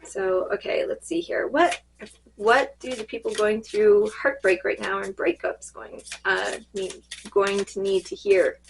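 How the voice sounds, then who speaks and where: A woman reading cards in a casual spiritual check-in, her voice fading and a little hoarse, rambling and halting with many fillers. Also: medium pitch, slight background noise, poor audio. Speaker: tarot card reader.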